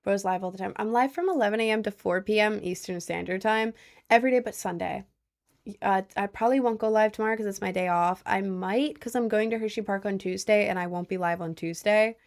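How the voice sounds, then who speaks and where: Young woman streamer at home reading chat, gravelly voice, rambly and chatty. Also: mid-range voice, a little fast. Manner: chatty, reads out viewer messages and answers them; rambling with many likes and I don't knows. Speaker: livestreamer. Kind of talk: casual livestream chat.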